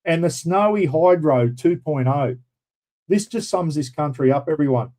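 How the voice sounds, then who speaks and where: An Australian man runs a casual livestream chat, sounding blunt and indignant as he swears and keeps calling out to "everyone". His voice sits a little high for a man but has a dark, mellow tone. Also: lively intonation, moderate pace, poor audio. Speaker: livestream host.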